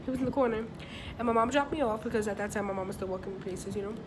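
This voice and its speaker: A woman's voice: medium pitch, rapid-fire, background noise. A woman co-hosting a vlog, telling a story casually with loose, profane slang and lots of fillers. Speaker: vlog co-host.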